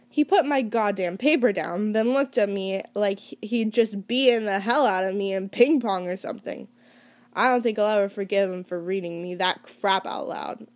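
A woman reading a first-person novel aloud in a casual, conversational way, with small slips and restarts. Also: mid-range voice. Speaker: reader.

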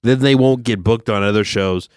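A man's voice: on the low side, moderate pace, clear, resonant tone, no room sound, studio quality. A young man who is a stand-up comic and podcast host, chatting casually, joking and swearing as he tells stories. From Southern California. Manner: swearing, joking, animated storytelling. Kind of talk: casual chat.

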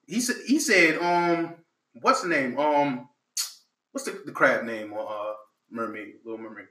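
Male podcast co-host, bright and expressive, loose profane banter in an echoey room. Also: medium pitch, a little slow. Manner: animated, profane, trails off and restarts. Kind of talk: casual chat.

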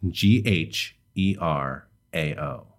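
A man co-hosting a podcast, chatting casually with relaxed, hesitant pacing and many fillers. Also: a bass voice, slow. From United States. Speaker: podcast co-host.

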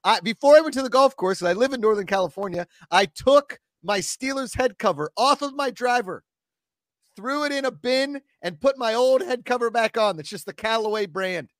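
A man in his twenties co-hosting a sports podcast, ranting in an animated, exasperated way in casual chat. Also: very high-pitched, normal speed, no echo, clean studio sound. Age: 20s. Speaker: podcast co-host.

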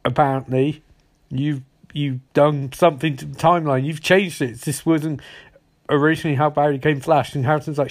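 A man hosting a podcast, casually recapping a TV episode and acting out the characters' lines in quick put-on voices. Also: fairly high pitch, steady tone. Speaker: podcast host.

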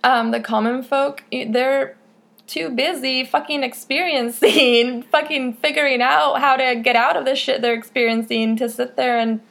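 A woman's voice: high voice, fairly even intonation, moderate pace, creaky, fairly bright tone. A young woman hosting a casual podcast, talking candidly, swearing freely and filling her speech with "like" and "you know". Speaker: podcast host.

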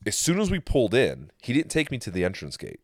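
A man's voice: lowish voice, quick pace, no echo, clean studio sound. A man hosting a podcast, telling a travel story in casual chat, swearing and acting out the people he met. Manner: animated storyteller, swears, acts out quotes. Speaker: podcast host.

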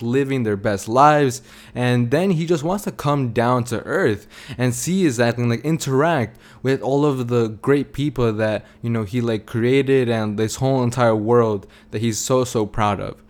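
A young man hosting a podcast, telling a story casually with lots of fillers and restarts. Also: mid-range voice. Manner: rambling, filler-heavy. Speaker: podcast host.

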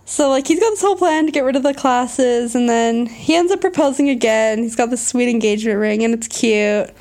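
A young woman casually retelling a book plot to a friend, animated, with many fillers. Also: fairly high pitch, brisk. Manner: animated storytelling with many likes. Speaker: book recapper. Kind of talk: casual chat.

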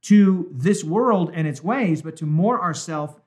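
A male pastor in an emphatic Bible study discussion who slows down to stress quoted words. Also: a little high, expressive.

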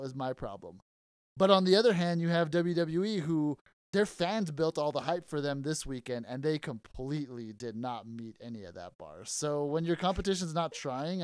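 Smooth, dry-sounding man chatting casually. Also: fairly high pitch, a little mellow, no echo. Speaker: podcast co-host. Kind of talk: casual chat.

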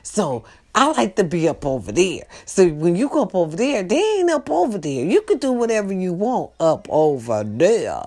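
A woman hosting a casual monologue for a live stream, talking straight to her viewers with loud outbursts and hushed asides. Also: fairly low pitch, big pitch swings, normal speed, few pauses. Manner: tag questions, talks straight to her viewers. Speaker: host.

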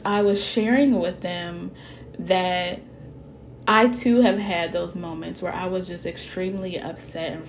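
A woman in her thirties speaks openly and warmly to her audience, unhurried and relaxed. Her voice sits a little low, and she drifts into chatty asides and soft laughs. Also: slight background noise. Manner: transparent, chatty, laughs, says "y'all" and "honey". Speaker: vlogger. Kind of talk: candid personal talk to viewers.

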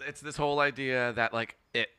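A man's voice: mid-range voice, fairly even intonation, brisk, pushed and bright, clean tone, dry recording. A man from Michigan with a light Michigan accent, co-hosting a podcast in rambling casual chat about pop music. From Michigan, USA. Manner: rambling, thinks aloud with fillers and restarts. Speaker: podcast co-host.

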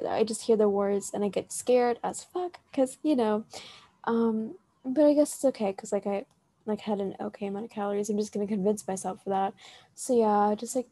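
A teenage girl hosts a casual chat in a higher, warm, mellow voice. She rambles through filler words, swears freely and laughs easily. The sound is dry and close, with no room echo. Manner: animated, with frequent laughter. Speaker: podcast host.

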